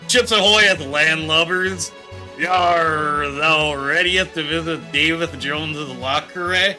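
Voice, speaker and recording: A man's voice: on the high side, slow pace, sharp tone, full character voice. A man voicing a pompous, scheming male minion who speaks in theatrical mock-old English with pirate flourishes. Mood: swaggering. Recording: faint game music behind.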